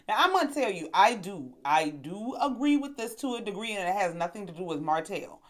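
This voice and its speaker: A woman hosting a casual reality TV recap, telling the story in a sassy, animated way and acting out the quotes. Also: fairly low pitch, a little fast, few pauses. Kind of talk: casual commentary.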